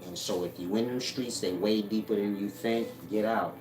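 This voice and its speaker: Speaking at a normal speed in a steady, lowish voice, the host of a self-help channel bluntly lectures his audience with profanity and street slang. The room echoes, and music plays in the background.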